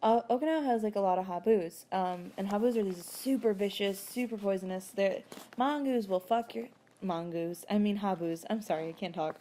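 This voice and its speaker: A woman's voice: medium pitch, brisk, dark tone, slight background noise. A woman casually recapping a book chapter as a podcast host, rambling and chatty, laughing often and swearing freely.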